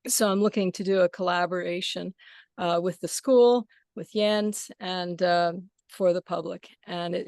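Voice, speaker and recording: A woman's voice: on the low side, darkish tone, no room sound, studio quality. A woman on a video call talking enthusiastically about playing gongs, rambling with many fillers. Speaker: gong practitioner sharing. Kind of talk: casual sharing on a video call.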